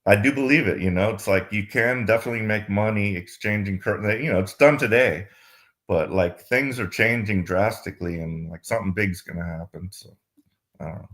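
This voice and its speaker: A caller phones into a live Q&A, chatting casually and rambling with plenty of fillers like "like" and "you know." His voice sits lowish, with a fairly bright tone and a slightly fast pace.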